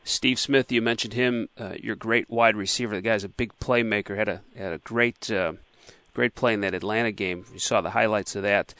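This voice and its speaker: A man's voice: on the low side, steady tone, moderate pace, pushed and bright, clean tone, dry recording. Radio host man, dry studio sound. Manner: conversational, chatty, hesitant fillers. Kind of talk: radio interview, casual sports talk.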